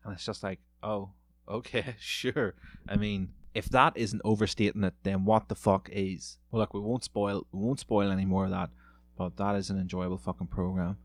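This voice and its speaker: A man's voice: low voice, flat delivery, a little fast, no room sound. A man hosting a podcast, delivering a rambling, profane, sarcastic comedic rant on his own. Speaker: podcast host.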